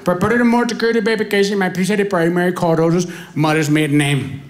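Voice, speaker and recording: Comedian doing a high pitched call center guy, robotic script talk, noisy. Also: fairly even intonation, fast, reverberant, natural voice. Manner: stiff scripted phrasing, repeats words. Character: male call-center credit card rep, scripted then furious.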